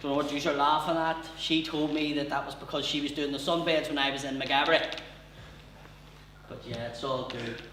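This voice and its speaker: Belfast comedian in a roomy club. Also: male voice, on the high side, steady tone, bright, forceful tone, a little hiss or hum. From Belfast, Northern Ireland. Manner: chatty joke-telling with quick asides to the crowd. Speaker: stand-up comedian. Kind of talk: stand-up comedy set. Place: live comedy venue with audience. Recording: roomy live venue, distant mic, faint ambience.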